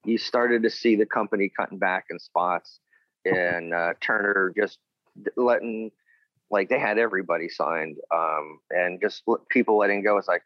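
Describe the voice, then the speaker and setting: Low-voiced guy rambling thru old wrestling stories, dry muffled audio. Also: normal speed, no room sound. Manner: rambling, acts out quotes of others. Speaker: former wrestler, guest. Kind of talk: casual storytelling interview.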